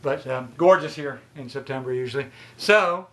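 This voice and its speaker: A man's voice: medium pitch, moderate pace, a bit bright. A man in his sixties hosting a trivia channel, chatting outdoors as he explains a math riddle, rambling and restarting his sentences. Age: 60s. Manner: chatty and rambling, with repeated false starts.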